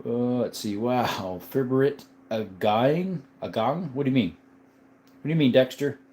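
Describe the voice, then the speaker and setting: A man's voice: mid-range voice, unhurried, a little mellow, slight background noise. A man hosting a live stream, chatting casually, greeting viewers by name and laughing often. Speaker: livestream host. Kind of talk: casual live chat reading comments.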